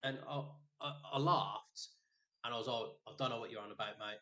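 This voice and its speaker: A man's voice: mid-range voice, fairly quick. A man, co-hosting a podcast and telling a rambling, sweary story in casual chat. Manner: rambling, sweary, animated retelling. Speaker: podcast co-host.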